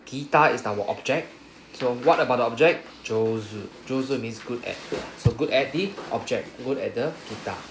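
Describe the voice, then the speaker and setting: A man teaches a Japanese grammar class at normal speed in a mid-range voice, explaining patiently and often checking with "right?". The classroom sounds roomy, with a faint hum.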